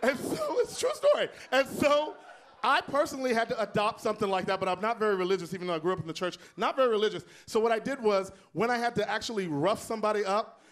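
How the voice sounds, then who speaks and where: Sassy stand-up comic from Texas. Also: male voice, high-pitched, very animated, fast talker. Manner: sassy, loud and playful, with sudden whoops. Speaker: stand-up comedian. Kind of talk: stand-up comedy set.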